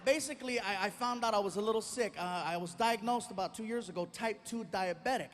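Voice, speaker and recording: A man performing energetic live stand-up comedy on an arena stage, telling animated stories and often shouting to the audience. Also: high-pitched, fast talker. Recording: live arena recording with loud crowd and noise. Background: cheering and laughing audience.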